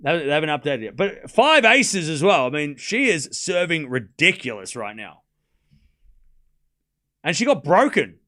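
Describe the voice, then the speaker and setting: Slightly high and sing-song, this young man's voice sounds pushed and bright, a little slow. Hosting a tennis watchalong live, he mixes play-by-play calls with chatty jokes.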